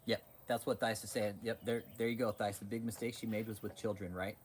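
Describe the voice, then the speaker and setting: A man's voice: on the low side, fairly quick, slight background noise. A man hosting a livestream, talking casually and reading chat, swearing a lot, getting worked up and restarting his sentences often. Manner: profane, excitable, frequent restarts. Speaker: livestream host.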